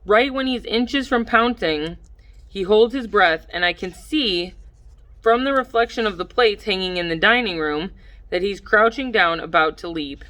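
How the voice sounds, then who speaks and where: A woman reading a first-person audiobook in a measured way, livening up the dialogue. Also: mid-range voice, a bit bright. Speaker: audiobook narrator.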